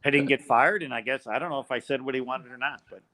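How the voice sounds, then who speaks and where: Older play-by-play guy, bright sharp voice, acts out everybody in his stories. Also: mid-range voice, fast, a little hiss or hum. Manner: animated storyteller, acts out quoted voices. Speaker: guest, college basketball play-by-play announcer. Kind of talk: storytelling in a podcast interview.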